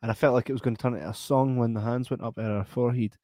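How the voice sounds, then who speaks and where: A man's voice: mid-range voice, steady tone, racing, darkish tone, dry recording, clean studio sound. Sweary Scottish man recapping a film. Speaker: podcast co-host. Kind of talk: casual late-night chat.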